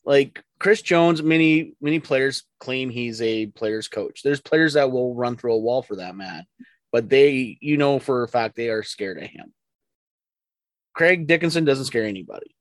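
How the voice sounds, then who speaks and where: A man's voice: mid-range voice, expressive, unhurried, no echo. Man, casual sports podcast chat, opinionated, jokey, stumbling restarts, dry room. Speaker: podcast co-host.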